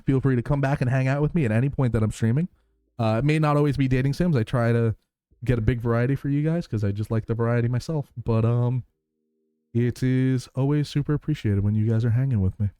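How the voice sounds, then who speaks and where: Streamer guy chatting to chat, warm mellow voice, kinda low, dry close sound. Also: quick pace, clear, resonant tone, no echo. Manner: chatty, thankful, rambling with fillers. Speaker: live streamer. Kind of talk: casual live-stream chat.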